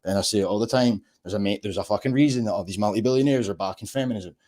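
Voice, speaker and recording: Sweary animated Scottish man. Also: lowish voice, rapid-fire. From Scotland. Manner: sweary, animated, laughs often. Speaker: livestream host. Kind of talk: casual livestream chat.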